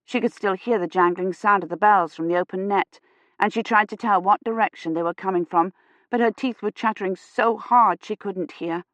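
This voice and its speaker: Steady woman audiobook narrator. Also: mid-range voice, normal speed, no room sound, highs cut off. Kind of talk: scripted narration.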